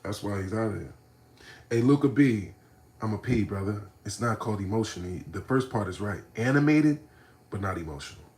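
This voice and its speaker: A man ranting on a livestream, animated and profane, swinging between low mutters and shouting. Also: fairly quick. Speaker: streamer. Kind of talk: livestream rant.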